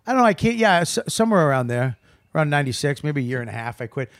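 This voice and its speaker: A man's voice: fairly high pitch, racing, dry recording, clean studio sound. Profane man telling a rowdy story. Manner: profane, animated, acts out quotes in loud voices. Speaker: comedian telling a story on a podcast. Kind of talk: casual storytelling chat.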